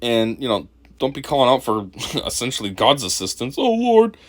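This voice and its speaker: A man's voice: medium pitch, fairly quick, fairly bright tone. A man hosting a casual video commentary, mocking and profane, laughing often. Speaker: commentary channel host.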